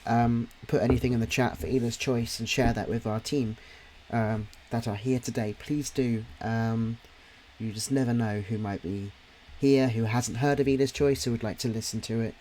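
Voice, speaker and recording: A man's voice: mid-range voice, fairly even intonation, moderate pace, a little mellow, slight background noise. A man with a slight Cockney accent from near London, chatting casually on a live drawing stream, rambling with lots of fillers and restarts. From near London, England. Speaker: stream co-host and podcast writer.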